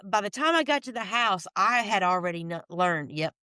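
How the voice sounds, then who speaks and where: Lively woman guest telling a story. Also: mid-range voice, moderate pace, no room sound, clean studio sound. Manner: lively, folksy, talks in bursts with restarts. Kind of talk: animated storytelling chat.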